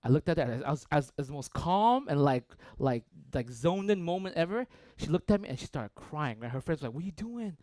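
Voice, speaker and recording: A man preaching a sermon as a pastor, telling a story conversationally with frequent "right?" and swinging between loud bursts and hushed near-whispers. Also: on the high side, expressive, fairly quick, hardly any pauses, dry recording.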